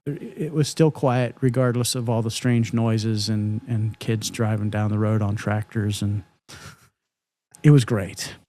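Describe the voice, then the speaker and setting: A man's voice: on the low side, steady tone, measured pace, dark tone. A man co-hosting a podcast, telling a story with lots of laughs and mimicked sounds. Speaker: podcast co-host. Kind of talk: casual storytelling chat.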